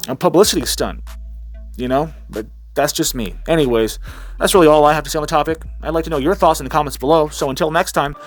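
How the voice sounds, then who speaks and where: A man ranting in a heated, sarcastic commentary vlog, swearing freely. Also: high voice. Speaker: commentary channel host.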